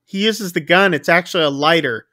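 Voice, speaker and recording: A man casually recapping a film on a podcast, acting out the lines with big jumps in pitch. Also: a little fast, bright, forceful tone. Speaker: podcast co-host. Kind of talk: casual movie recap chat.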